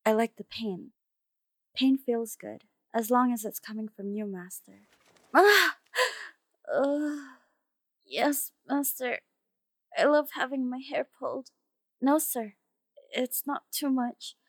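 A young woman acting a flustered friend who grows submissive in an audio role-play, talking in halting, hesitant bursts full of fillers. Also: fairly high pitch, fairly even intonation, no room sound, studio quality. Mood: hushed, yielding.

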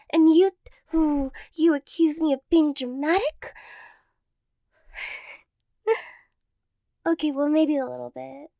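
A high, unhurried voice of a teasing girlfriend, played by a young woman. She is clingy and playfully dramatic, with a slight vocal fry, close to the mic in a dry, quiet room. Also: no echo, exaggerated voice. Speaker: role-play performer. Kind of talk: girlfriend role-play audio.

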